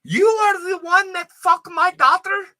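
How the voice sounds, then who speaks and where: A woman's voice: very high-pitched, a little slow, sharp tone, no echo, clean studio sound, voice pushed up, exaggerated voice. Man screeching as an enraged mother. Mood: furious. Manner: shrieking, cursing. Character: furious short middle-aged mother with choppy English.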